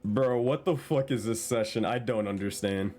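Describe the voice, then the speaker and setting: A man's voice: lowish voice, moderate pace, darkish tone, faint music behind. A man running a tabletop game on stream, talking casually, exasperated and swearing often. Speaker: game master.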